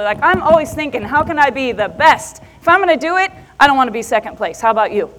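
A middle-aged woman giving a motivational talk to a live audience, telling an animated story and acting out the messages she got. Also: sits high, fast, few pauses, a little hiss or hum. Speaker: motivational speaker.

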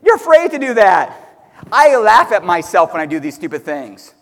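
High-voiced man shouting in a hall. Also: normal speed. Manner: loud, excitable, acts out quotes. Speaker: motivational speaker at a sales meeting. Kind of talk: energetic live stage talk. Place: large hall before an audience. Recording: long hall reverb.

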